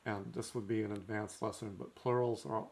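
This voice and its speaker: A man's voice: on the low side, level tone, moderate pace, a little mellow, slight background noise. A man giving a recorded language lesson, working through notes methodically and marking each step with "okay". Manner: methodical, frequent "okay" between points. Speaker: teacher.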